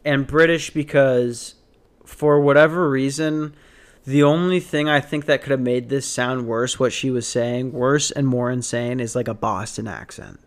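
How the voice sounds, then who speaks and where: A man's voice: medium pitch, measured pace. A man hosting a podcast, ranting casually in a rambling, profane, sardonic way with sighs and restarts. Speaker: podcast host.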